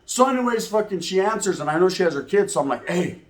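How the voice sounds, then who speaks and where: A man telling a profane, slang-heavy street story in a comedic, animated way. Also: high-pitched, fast talker.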